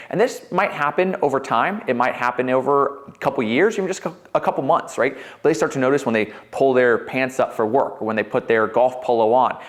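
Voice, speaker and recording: Energetic young male fitness coach. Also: mid-range voice. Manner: energetic, conversational, frequent "right?". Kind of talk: whiteboard explainer talk.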